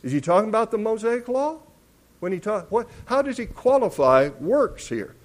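A man's voice: sits high, sing-song, normal speed. Emphatic man preaching a sermon. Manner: emphatic, rising loud on key words; teacherly, asks and answers questions.

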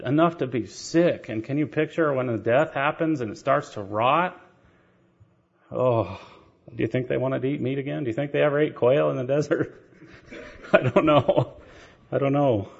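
A man's voice: mid-range voice, vocal fry, husky. A man preaching a sermon, telling stories with rhetorical questions and light laughter. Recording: dull lo-fi sermon recording.

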